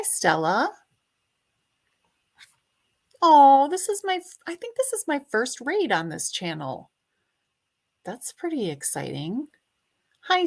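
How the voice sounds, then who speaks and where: This woman hosts a casual livestream, chatting, greeting viewers by name and now and then singing a snippet. Her voice is a little high, with vocal fry.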